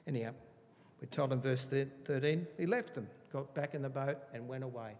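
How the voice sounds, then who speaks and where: Male Bible teacher, lively and emphatic, a bit high-pitched, long hall reverb. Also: normal speed. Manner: animated, emphatic, chatty asides. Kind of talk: conversational Bible study sermon.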